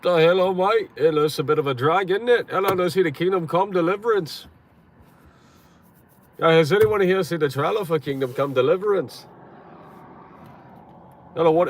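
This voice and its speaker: A man's voice: high-pitched, slight background noise, pitched above the performer's own voice, lightly acted. A man voicing an exaggerated, cheery mock British bloke in a sing-song, overdone way. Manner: sing-song, greets everything with "hello, mate".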